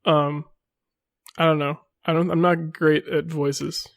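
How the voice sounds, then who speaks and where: A man's voice: on the high side, flat delivery, slow. A young man co-hosting a podcast, chatting casually and hesitantly, saying "like" constantly. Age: young adult. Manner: hesitant, heavy use of "like". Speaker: podcast co-host. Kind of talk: casual chat.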